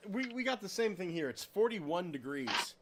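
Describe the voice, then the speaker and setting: A man's voice: high voice, big pitch swings, moderate pace, noisy background. A man hosting a casual podcast at his home computer, cracking crude jokes and poking fun at himself. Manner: crude, joking, self-deprecating. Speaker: podcast host.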